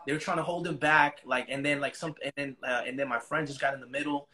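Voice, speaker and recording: A man's voice: mid-range voice, fairly even intonation, fast talker, pushed and bright. A man as an interview guest, retelling a story in casual, profane slang.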